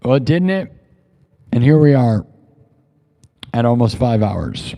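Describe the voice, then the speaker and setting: A male live streamer giving a boastful, repetitive pep talk to his chat. He swings between loud declarations and quiet musing. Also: medium pitch, very animated, takes it slowly, creaky. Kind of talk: livestream sign-off pep talk.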